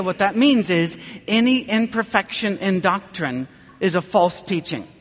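A man's voice: sits high, a bit bright, long reverb tail. A man preaching a humorous sermon, telling stories in a dry way and acting out the people in them. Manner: dry storytelling with mock dialogue.

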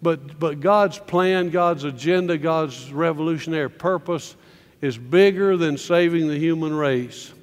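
A man's voice: fairly high pitch, measured pace, big-room sound. A man preaching a sermon from slides, earnest, often repeating words as he builds a point.

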